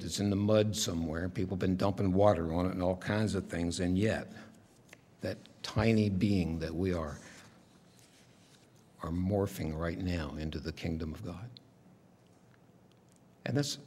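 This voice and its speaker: Low husky pastor in a reverberant church. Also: male voice. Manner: conversational, reflective storytelling with soft asides. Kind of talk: sermon. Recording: long reverb of a large hall.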